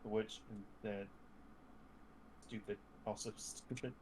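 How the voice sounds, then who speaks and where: Blunt podcast guy, kinda low voice, bit of hiss in the background. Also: little pitch movement, darkish tone, rough recording. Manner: blunt, opinionated, quick to interrupt. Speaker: podcast co-host. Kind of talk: casual chat.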